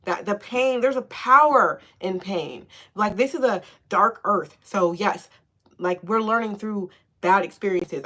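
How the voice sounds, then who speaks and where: A woman giving a casual spiritual tarot reading, sassy and slangy with swearing and a steady stream of encouragement, often checking in with "okay?". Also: lowish voice. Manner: sassy, slangy and profane, with frequent "okay?" and laughs; encouraging and affirming. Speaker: tarot reader.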